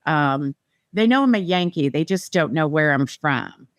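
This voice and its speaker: A woman's voice: low voice, animated, no room sound. Chatty midwestern-raised woman, dry sound. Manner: chatty, laughs often, quick asides. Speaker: guest real estate agent. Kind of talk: casual podcast chat.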